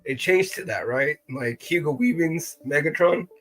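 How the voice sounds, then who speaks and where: A man co-hosting a casual live-stream chat, animated and playful, often slipping into impressions. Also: a little high, moderate pace, faint music behind. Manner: animated, playful, jumps into voices. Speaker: co-host.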